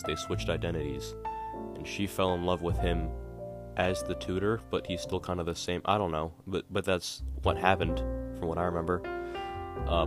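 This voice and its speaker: A man casually retelling a play in a rambling, wry way, often correcting himself. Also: low-pitched. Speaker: podcast host. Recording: guitar music playing behind.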